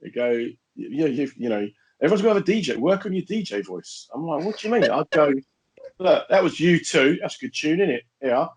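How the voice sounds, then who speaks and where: A man's voice: fairly high pitch, lively intonation, brisk, rough recording. A man co-hosting a podcast, chatting casually and joking around. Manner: jokey, acts out voices in his stories. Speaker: podcast co-host. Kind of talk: casual chat.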